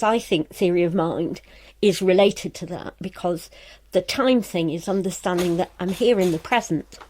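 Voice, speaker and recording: A woman scientist, a guest in a radio studio, explaining animal minds in a thoughtful, measured way. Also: fairly low pitch, darkish tone, slight background noise. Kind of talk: explaining in interview.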